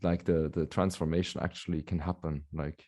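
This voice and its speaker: Deep, mellow-voiced calm man. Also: a little fast. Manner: calm, meandering, soft affirmations. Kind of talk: casual conversation.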